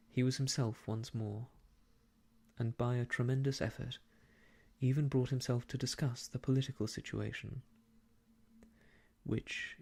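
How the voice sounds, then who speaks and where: A man softly reading an old novel aloud for ASMR, hushed and slow, slipping into whispers, close to the mic. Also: medium pitch, gravelly. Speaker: storyteller.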